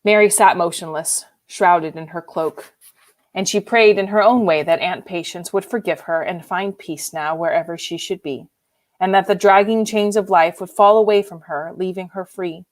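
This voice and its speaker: A woman reading a novel aloud in an expressive, emotionally involved way. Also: fairly low pitch, moderate pace. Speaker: reader. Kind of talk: audiobook reading.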